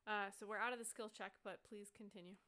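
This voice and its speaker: A young woman narrating as game master, telling the scene in a lively way and full of "like"s. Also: mid-range voice. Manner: lively storytelling, many "like"s, quick character voices.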